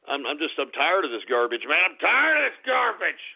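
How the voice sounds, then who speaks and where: Male radio talk host, high gravelly voice, ranting and profane, tinny phone-like audio. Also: very animated, brisk. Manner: irate, profane, swinging between shouting and muttering.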